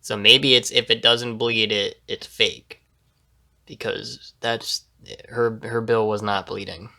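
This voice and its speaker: A man's voice: fairly low pitch, fairly even intonation, slow, vocal fry. A young man co-hosting a casual podcast, telling a rambling story full of fillers and swearing. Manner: rambling storyteller with many fillers, loud laughing shouts when mimicking. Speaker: podcast co-host. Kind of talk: casual chat.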